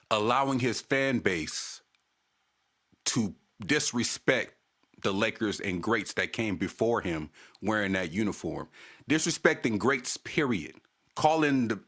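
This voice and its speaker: A man's voice: mid-range voice, bright, forceful tone. Casting note: a male stream host in a heated, profane casual rant, repeating his points. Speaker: channel host.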